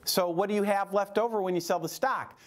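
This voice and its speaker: A man's voice: sits high, a little fast. A man hosting a radio show on finance, chatting casually and telling a story where he acts out the lines of the people in it.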